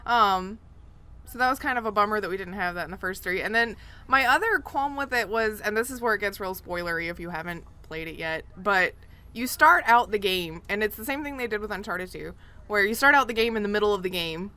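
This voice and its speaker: A woman co-hosting a casual gaming podcast, talking expressively in long animated runs. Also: medium pitch, fairly quick. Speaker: podcast co-host.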